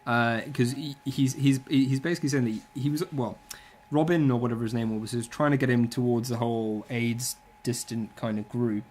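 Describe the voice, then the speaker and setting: A man's voice: medium pitch, steady tone, fairly quick, hardly any pauses, darkish tone, slight background noise. A man, chatting casually and bluntly, with strong opinions and plenty of swearing. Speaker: podcast co-host. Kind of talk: casual chat.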